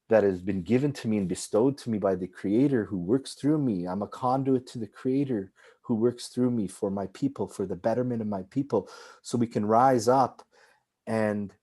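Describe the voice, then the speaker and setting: A man being interviewed as a filmmaker, telling a personal story in an animated way with frequent "like"s and restarts. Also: lowish voice. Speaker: filmmaker guest.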